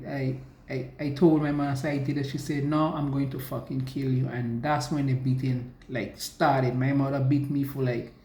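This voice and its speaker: Woman, halting testimony, echoey. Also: low-pitched, warm tone. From US Virgin Islands. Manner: halting, with restarts and slow emotional stretches. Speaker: survivor sharing her story. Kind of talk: personal testimony.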